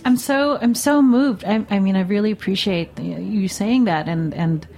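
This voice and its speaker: A woman's voice: medium pitch, normal speed, vocal fry, a little mellow. Effusive woman talk show host. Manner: effusive, heartfelt, laughs easily. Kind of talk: interview show hosting.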